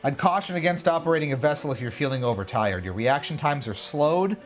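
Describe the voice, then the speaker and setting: A man's voice: a little high, lively intonation, a little fast, faint music behind, close to an everyday voice. A man reading out a friendly advising townsperson.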